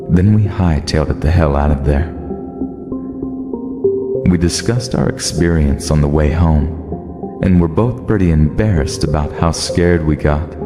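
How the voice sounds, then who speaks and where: A man reading a scary first-person story aloud in steady, measured scripted narration. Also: very deep voice. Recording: long hall reverb with faint music.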